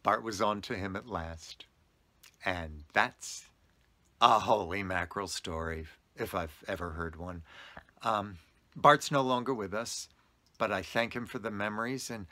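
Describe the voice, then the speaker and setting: A man hosting a storytelling vlog, telling an anecdote in an expressive way with frequent laughter. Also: fairly low pitch, a little slow. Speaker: storyteller host.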